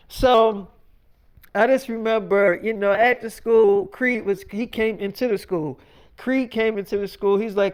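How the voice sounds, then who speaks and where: A man's voice: sits high, fairly even intonation, unhurried, clear, resonant tone. A man telling a made-up story in a casual, freestyle way, acting out dialogue with lots of "I'm like".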